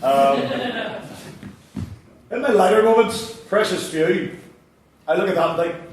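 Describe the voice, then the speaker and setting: A dry, self-mocking man with a Belfast accent, telling stories in a solo stage show. His voice sits a little high, and the sound is picked up from far off in a very echoey theatre hall. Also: animated, unhurried, pauses often. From Northern Ireland. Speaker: writer performing a solo show. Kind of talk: stand-up storytelling.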